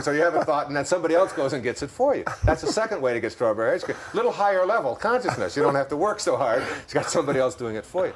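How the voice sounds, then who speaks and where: A man's voice: medium pitch, big pitch swings. Musing man with a Detroit accent. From Detroit, United States. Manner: unhurried, musing, laughs at his own jokes. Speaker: interview guest, self-help speaker. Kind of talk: reflective interview talk.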